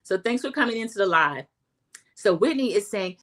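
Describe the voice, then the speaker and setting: A middle-aged woman hosting a livestream, casually recapping a reality TV episode and giving her opinions, chatty and animated when she acts out quoted lines. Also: medium pitch, normal speed, rough recording. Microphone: home streaming setup.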